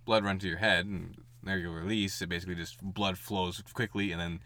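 A man's voice: sits low, fairly even intonation, brisk, sharp tone. A man co-hosting a podcast in casual chat, joking crudely with lots of fillers and laughter. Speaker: podcast co-host.

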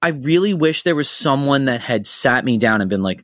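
A man's voice: medium pitch, normal speed, few pauses, no room sound, studio quality. A middle-aged man hosting a podcast, telling stories in casual chat and acting out the quotes he tells. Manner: animated storyteller, acts out quotes. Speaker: podcast host.

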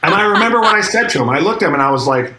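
A middle-aged man, guest drummer in an interview, races through a casual story in a high, animated voice. He acts out what people said and swears freely. Faint noise and echo surround him.

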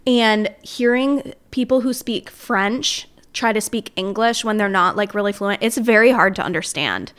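A woman talks candidly on a casual podcast. Her voice is bright and forward, and her opinions come out blunt and unfiltered. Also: mid-range voice, moderate pace, few pauses. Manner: candid, blunt, mocking impressions. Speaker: podcast guest. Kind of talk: casual chat.

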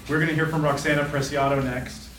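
A man's voice: fairly high pitch, little pitch movement, fast talker, heavy background noise. Casual male event host in a roomy hall. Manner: casual with fillers and asides. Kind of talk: introducing a speaker. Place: live literary event indoors. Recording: roomy hall, distant mic, faint ambience.

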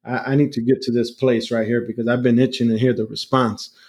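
A man's voice: medium pitch, level tone, fairly quick, darkish tone, husky. A man hosting an interview, asking questions with vivid scene-setting. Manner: builds questions with vivid setups. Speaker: interview host.

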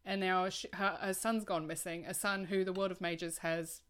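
A woman's voice: lowish voice, little pitch movement, moderate pace, fairly bright tone. A woman co-hosting a casual book-club podcast, agreeable and giggly. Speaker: podcast co-host.

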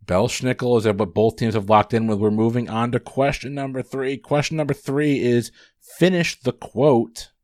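A man hosting a trivia podcast, running the quiz in brisk, upbeat patter. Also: mid-range voice, steady tone, a little mellow, dry recording, clean studio sound.

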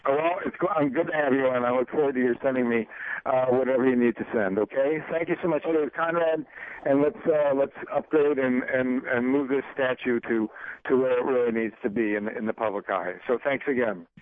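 A man hosting a radio show, talking in a halting, folksy way full of ums and uhs. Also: medium pitch, dry recording. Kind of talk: casual radio interview. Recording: dry, tinny phone-like broadcast audio.

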